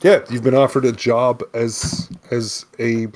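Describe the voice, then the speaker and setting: A man narrating as game master of a western tabletop game, halting and loose. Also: medium pitch, flat delivery, a little mellow. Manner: halting, with many fillers and restarts.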